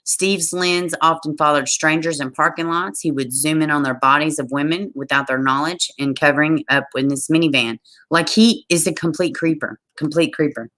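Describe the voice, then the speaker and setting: Brief: Southern woman, tired, very deep voice, true crime livestream host who reads aloud and chats with the viewers. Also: moderate pace, few pauses, a bit bright. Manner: reads a case aloud, trails off and greets viewers. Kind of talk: reading aloud and chatting on a livestream.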